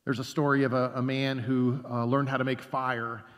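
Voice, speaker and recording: A man preaching a sermon as a pastor, earnest, slowing down and dropping soft on key phrases. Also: mid-range voice, little pitch movement. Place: church sanctuary. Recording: long church reverb.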